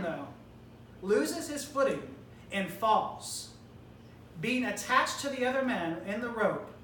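A woman preaches with emphatic, rhetorical force and often addresses death head-on. Her high voice echoes through a roomy hall. The mic sits a good distance away and picks up faint ambient noise. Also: fairly bright tone. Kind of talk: sermon.

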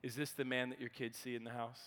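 A man voicing a small, fragile older male therapist who speaks gently and softly. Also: medium pitch, flat delivery, quick pace, in a large hall, voice pushed down, natural voice. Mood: hushed, gentle. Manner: hushed, gentle and probing.

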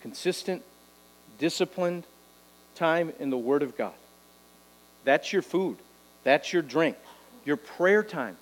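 Male pastor, high voice, exhorting sermon delivery, faint mains hum. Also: expressive, slow pace, pauses often, rough recording. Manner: exhorting, rhetorical "right?" tags.

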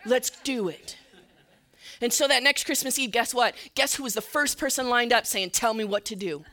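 A woman church leader telling a story in a sermon, earnest and sometimes dropping to a soft near-whisper. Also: fairly high pitch, a little fast.

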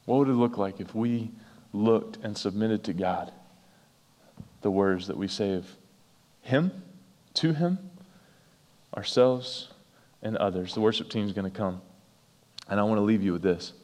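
With a lowish, darkish voice, this pastor speaks unhurriedly and pauses often. Preaching earnestly and emphatically to his congregation in a church sanctuary, he repeats phrases for effect as the hall reverberates around him.

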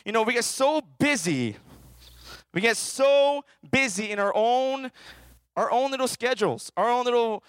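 Playful high-voiced man preaching. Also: animated, measured pace, fairly bright tone, smooth, no room sound. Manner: playful, calls out for audience participation. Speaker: children's minister preaching. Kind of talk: sermon.

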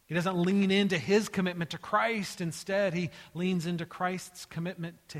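A man preaching a sermon, acting out the dialogue of the story in lively voices and dropping into hushed, quiet tones. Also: sits high, normal speed, hardly any pauses, long reverb tail. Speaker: pastor.

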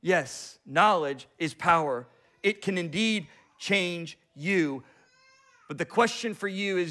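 Male preacher, higher voice, dramatic storytelling sermon, swings from loud to hushed. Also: takes it slowly. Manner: storytelling with acted-out quotes and big swings in loudness.

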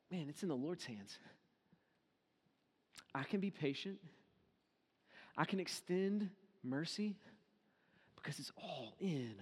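A man with a high voice preaches a sermon in a lively casual way and acts out quoted lines. His voice carries a long reverb, as in a large hall. He tells the story as if talking with friends. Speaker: pastor.

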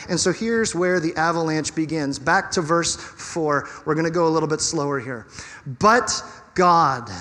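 High-voiced man preaching a lively sermon. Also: big-room sound. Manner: animated, conversational preaching with humor. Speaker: pastor.

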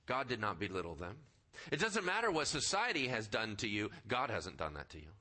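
A man preaching a sermon in a conversational, animated way, acting out the people in the story. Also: fairly low pitch, brisk. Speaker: pastor.

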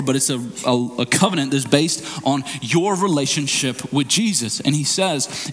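A man preaching a sermon as pastor, explaining a scripture passage and acting out bits of dialogue in a raised, excited voice. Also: fairly high pitch. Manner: animated, acts out dialogue in raised voice.

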